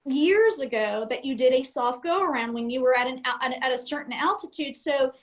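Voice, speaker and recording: An airline captain appearing as a guest, a high-voiced woman, tells pilot stories in a casual storytelling interview. She's animated and brisk, laughs often and acts out cockpit dialogue, though the recording is rough.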